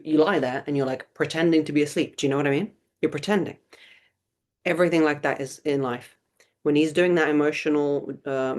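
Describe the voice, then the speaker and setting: A woman in her thirties with a deep, darkish voice hosts a live webinar Q&A, answering viewer questions with blunt, emphatic advice and many rhetorical questions.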